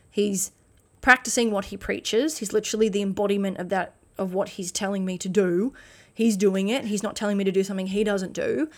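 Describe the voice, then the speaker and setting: A woman giving a blunt motivational monologue as a podcast host, swearing freely and restarting sentences. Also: mid-range voice. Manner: acts out quoted voices in animated bursts.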